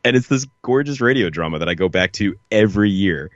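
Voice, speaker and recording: A man's voice: on the low side, animated, a little fast, no echo. A man co-hosting a podcast, chatting casually and rambling with enthusiasm, full of fillers like "like" and "you know.". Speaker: podcast co-host. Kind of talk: casual chat. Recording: dull lo-fi podcast audio.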